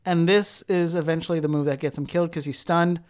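A woman's voice: lowish voice, steady tone, quick pace, darkish tone. A woman co-hosting a casual chat, explaining plot in detail and laughing often. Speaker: podcast co-host. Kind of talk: casual chat recapping a show.

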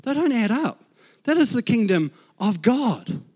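This guest preacher, a man in his thirties with a New Zealand accent, shares his own testimony in a sermon, acting out his inner voices and God's words. His voice is very high, very animated, and husky with a darkish tone, and he speaks unhurriedly.

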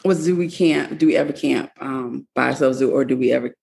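A woman's voice: extremely low pitch, fairly quick, vocal fry, a little mellow. A woman in casual conversation, speaking in a matter-of-fact way and clarifying points. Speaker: guest.

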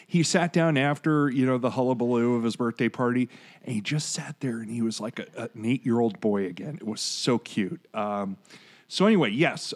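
A man's voice: mid-range voice, moderate pace. A man in his forties hosting a podcast, chatting casually and digressing as he reads out award winners. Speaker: podcast host.

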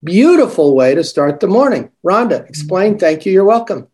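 Dark-voiced man coaching teachers. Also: sits high, very animated, moderate pace. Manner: demonstrative, models greetings with sing-song emphasis. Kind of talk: coaching talk.

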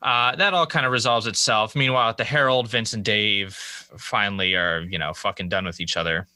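A man talks through a TV episode in casual, profane podcast chat, sprinkling in quick quoted asides. His voice sits low but comes out bright and forceful. The sound is dry and close. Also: dry recording. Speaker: podcast co-host recapping a TV episode.

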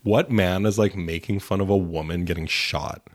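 A man's voice: deep voice, normal speed, dry recording, clean studio sound. A man co-hosting a casual chat, snarky and ranting, swearing freely. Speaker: podcast co-host.

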